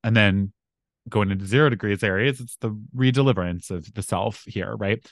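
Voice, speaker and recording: Guy w a lowish voice, rambly chatty astrologer, lots of likes, dry close sound. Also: normal speed, no room sound. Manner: rambling, filler-heavy, animated storytelling. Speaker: astrologer guest. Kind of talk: casual podcast chat.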